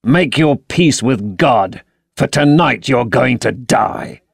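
Grim young sailor out for revenge, as a man reads him, slow and growly, creaky, dry sound. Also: medium pitch, expressive, no echo, heavily acted. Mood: menacing. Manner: slow, threatening, growling delivery.

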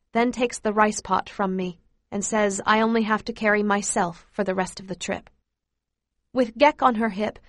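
A woman narrating a first-person story in a steady, measured reading voice. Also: mid-range voice, dry recording, clean studio sound. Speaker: audiobook narrator.

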